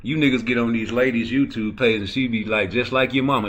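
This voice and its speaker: A man hosting a YouTube boxing talk show, ranting profanely and swinging from low muttering to loud, heated outbursts. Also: fairly quick. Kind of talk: ranting commentary.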